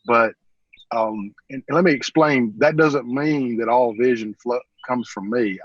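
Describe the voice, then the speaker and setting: Husky-voiced pastor talking earnestly. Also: male voice, mid-range voice, a little slow, no room sound, lo-fi sound. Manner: rambling, earnest, often says "man". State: emotional, holding back tears. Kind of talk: casual interview talk.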